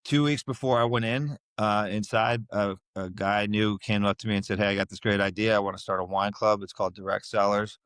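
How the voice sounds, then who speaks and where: A man's voice: fairly low pitch, fairly even intonation, brisk, hardly any pauses, fairly bright tone, clean tone, no room sound. A middle-aged man telling a personal story in a casual interview, acting out the voices of people he quotes. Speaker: podcast guest.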